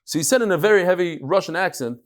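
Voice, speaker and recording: A man with a fairly high voice teaches a Talmud class, reading passages and explaining them with lively energy. He is middle-aged and tells anecdotes quickly and expressively. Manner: animated, quick storytelling with Hebrew-Aramaic reading. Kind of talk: Talmud lecture.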